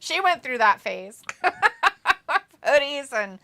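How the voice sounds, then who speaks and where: Nasal, cackly woman with a lively high voice. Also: very slow. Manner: laughs often, swears casually, teasing. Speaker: live-stream co-host reading chat. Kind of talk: casual watch-along chat.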